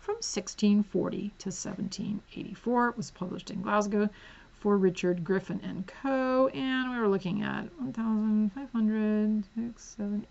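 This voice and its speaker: At home, a woman book vlogger chats and giggles through a casual book haul, drifting into soft whispers as she reads the spines. Her mid-range voice is creaky, with fairly even intonation and a measured pace, on lo-fi audio carrying a little hiss or hum.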